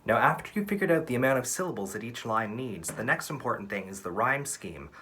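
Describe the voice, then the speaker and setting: Young male drama teacher, lively encouraging delivery, mid-pitched, swings his intonation. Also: a little hiss or hum. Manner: upbeat and encouraging, counts syllables out slowly. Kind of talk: online lesson for young students.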